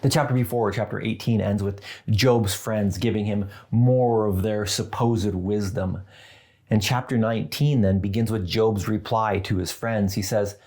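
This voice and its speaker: A man preaching a sermon as pastor, talking in an earnest, conversational way with gently humorous asides. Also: fairly low pitch, steady tone, a little slow.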